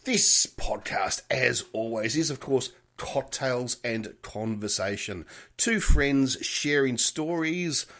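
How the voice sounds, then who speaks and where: A man with an Australian accent co-hosting a casual podcast chat, laughing often and quick to apologise. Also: medium pitch, a bit bright. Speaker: podcast co-host. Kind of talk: casual chat over cocktails. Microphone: remote virtual studio setup.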